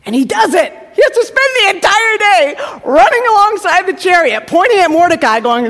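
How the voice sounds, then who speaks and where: A woman preacher retelling a story in a lively sermon, acting out the characters and dropping to a hush at tense moments. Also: very high-pitched, normal speed, few pauses. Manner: acts out the characters with shifting voices, drops to hushed tones. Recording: hall reverb from a live talk.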